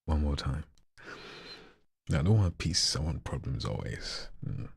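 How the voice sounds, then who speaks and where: A man doing voice practice on a livestream, reading viewer scripts in a slow hushed delivery that slips into whispers, and chatting with viewers between reads. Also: rumbling low, animated, vocal fry, breathy edge, no room sound, clean studio sound. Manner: chats to viewers in between reads, quicker and louder. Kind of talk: live practice reading of viewer scripts, mixed with casual chat.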